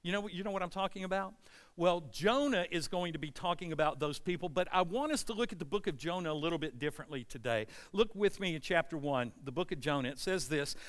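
A man preaching a sermon, reading scripture and acting out the characters' lines with lively energy. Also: a little high, quick pace, big-room sound. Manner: animated, acts out Bible characters' lines. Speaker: pastor.

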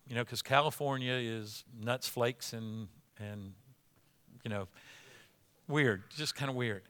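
A man's voice: mid-range voice, slow pace, pushed and bright, clean tone. A middle-aged man preaching a sermon, moving from casual storytelling into emphatic calls to the congregation. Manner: conversational storytelling, then rising to emphatic preaching. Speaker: pastor.

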